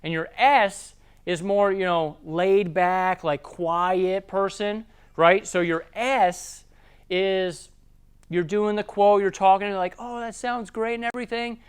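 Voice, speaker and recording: A Southern man with a high, smooth, resonant voice coaches a room on sales in a loose, casual way. He keeps slipping into quick voices to act out customers. He sounds like a young adult. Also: steady tone. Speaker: sales trainer. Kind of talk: seminar talk on sales.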